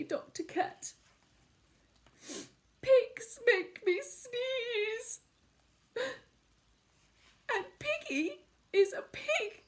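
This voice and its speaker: A sneezy young elephant frets and stammers in a tearful whine, as a woman reading aloud puts him on. The voice sits very high and squeaky, like a storybook character. He drags his words out slowly and anxiously. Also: full character voice. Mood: miserable.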